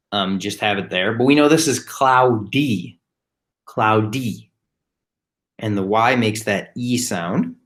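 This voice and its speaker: Guy teaching kids phonics, lowish voice, talks real slow, spells stuff out letter by letter. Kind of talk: phonics lesson for young children. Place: home, recorded remotely.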